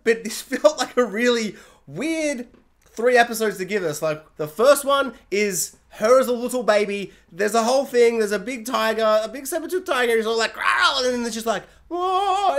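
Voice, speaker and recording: A young man reviewing a series in a casual, jokey rant, acting out quotes in high, excited voices.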